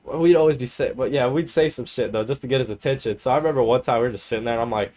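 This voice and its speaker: A young man on a podcast tells loose, rambling stories in casual chat. His talk is full of swearing and breaks into laughter often. His voice sits at an ordinary middle pitch. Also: very fast, dark tone. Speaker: podcast co-host.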